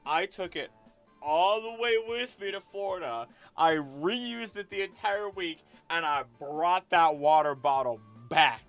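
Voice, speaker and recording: A man's voice: fairly high pitch, animated, a little slow, a bit bright, faint music behind. A young man hosting a casual live stream from home, rambling and chatting and laughing often. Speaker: livestream host. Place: home room.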